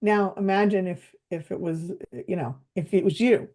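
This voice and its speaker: A woman's voice: on the low side, steady tone, moderate pace, warm tone. A woman co-hosting a casual podcast, supportive and asking coaching questions. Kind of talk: casual chat.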